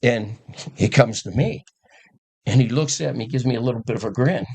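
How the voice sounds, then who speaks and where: An older man, a former coach, telling animated stories in a casual podcast chat and acting out the quotes. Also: mid-range voice, normal speed, creaky, breathy edge. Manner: animated storyteller who acts out quotes and laughs.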